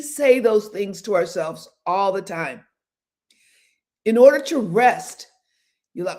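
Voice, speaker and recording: An older woman hosting a casual motivational talk, animated and laughing often as she acts out the voices people use on themselves. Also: medium pitch, a little slow, pauses often. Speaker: host.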